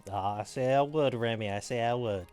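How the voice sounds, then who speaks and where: A man voicing a reserved woman traveler, apologetic and halting. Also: medium pitch, a little mellow, clear, resonant tone, dry recording, faint music behind, close to an everyday voice. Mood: polite.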